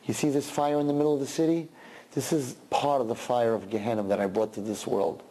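A man voicing a sly male angel of death who calmly boasts of his deceit. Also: natural voice, poor audio. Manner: low, slow, calmly boastful.

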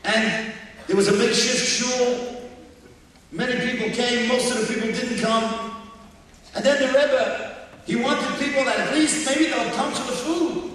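A man as a rabbi, telling a story in a sermon, animated, acting out quotes and breaking into song. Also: very high voice, measured pace, pauses often. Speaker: rabbi giving a talk. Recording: echoey hall, distant mic, faint ambience.

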